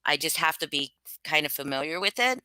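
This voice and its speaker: A woman chats casually with her livestream viewers, rambling and self-conscious, full of fillers. Her voice is low but bright and forward. The tone is smooth and crisp. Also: animated, brisk, no room sound. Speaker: livestream host reading stories.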